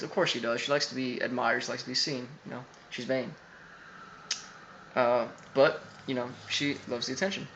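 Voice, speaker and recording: A man's voice: mid-range voice, steady tone, moderate pace, creaky, a bit bright, muffled recording, slight background noise. A man casually recapping an anime episode, rambling with lots of fillers and quoted asides.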